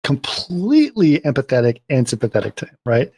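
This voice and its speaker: A man's voice: medium pitch, huge pitch swings, a little fast, dark tone, slight background noise. A man on a podcast recapping a film scene by scene in casual chat, rambling along and checking in with "right?".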